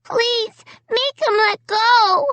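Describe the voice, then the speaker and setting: A tiny, terrified little girl wails and sobs her pleas in a very high, bright, piercing voice. Each word is drawn out at a crawl. The sound is close and dry in a storybook reading. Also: very slow, no room sound, heavily acted. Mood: wailing. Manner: wailing, sobbing pleas. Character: crying three-year-old girl in pain.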